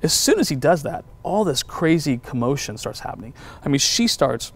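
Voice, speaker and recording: A man, a pastor, telling personal testimony stories in a relaxed conversation, acting out the voices of the people he quotes. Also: a little high, normal speed. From United States.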